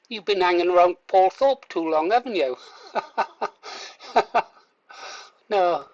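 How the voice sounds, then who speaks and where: A man's voice: high-pitched, slow pace, pauses often, dull audio. Sarcastic man heckling a clip. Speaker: reaction video host. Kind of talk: commentary over a played clip.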